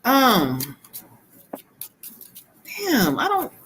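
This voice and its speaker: Bright-voiced woman giving a live tarot reading. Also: on the high side, wildly swooping pitch, drawn-out words, a little hiss or hum, rough recording. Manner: chatty, laughs often, relays spirit messages. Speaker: psychic reader.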